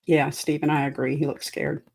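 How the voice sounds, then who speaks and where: A woman's voice: low-pitched, level tone, a little fast, vocal fry, a little mellow. A woman hosting a livestream, reacting anxiously and chatting with viewers. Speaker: livestream host. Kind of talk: live reaction commentary. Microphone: home streaming setup.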